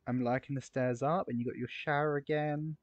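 A man giving casual, excitable gameplay commentary, gushing over builds with gasps and exclamations. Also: mid-range voice, brisk, no echo. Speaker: game video creator touring player builds. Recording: slightly dull, lo-fi recording.

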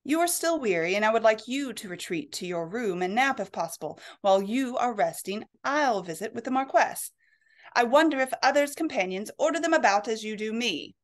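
A woman's voice: on the high side, animated, lightly acted. Woman reading as a firm young lady's companion. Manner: measured, polite but firm.

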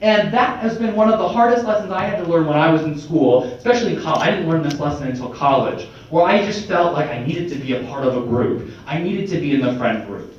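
High-voiced young man in an echoey hall. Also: fast talker, hardly any pauses, distant mic, slight background noise. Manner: energetic, conversational, often asks "right?". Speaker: state representative giving a talk to students. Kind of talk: motivational speech. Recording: echoey hall, mic from afar, dull.

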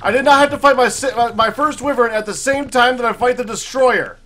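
A man's voice: very high-pitched, fairly quick, sharp tone, soft background music. A man giving live commentary on his own gameplay, talking frantically, stammering and turning sarcastic when things go wrong. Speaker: gaming channel host.

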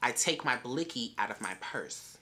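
A woman's voice: very deep voice, lively intonation, normal speed, sharp tone. Brash, foul-mouthed woman telling a story. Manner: brash, profane, chatty storytelling. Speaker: vlogger. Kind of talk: storytime vlog.

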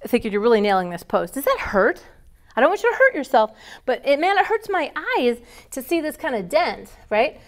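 A woman's voice: high-pitched, very animated, fairly quick. A woman teaching a yoga teacher training class, giving playful, upbeat posture cues and explanations.

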